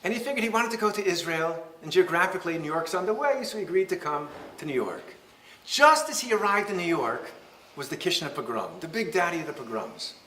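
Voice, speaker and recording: Bright-voiced rabbi lecturing in a roomy hall. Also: male voice, high-pitched, brisk, hardly any pauses, a little hiss or hum. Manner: animated, humorous storyteller. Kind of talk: lecture with storytelling.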